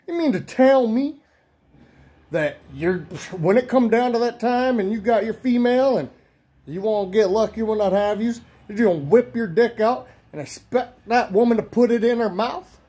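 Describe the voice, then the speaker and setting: A man's voice: high-pitched, moderate pace, warm tone, husky. A man ranting crudely to camera in a rowdy, rambling comedic vlog. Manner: rowdy, profane, rambling storytelling. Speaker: vlogger.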